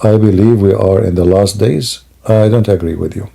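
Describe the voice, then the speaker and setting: A man's voice: lowish voice, steady tone, normal speed, gravelly, dark tone. A sleepy man talking to his live-stream audience at home at night, rambling, with broken grammar and many fillers. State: sleepy and yawning. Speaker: Christian apologist streamer. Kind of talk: casual live-stream monologue.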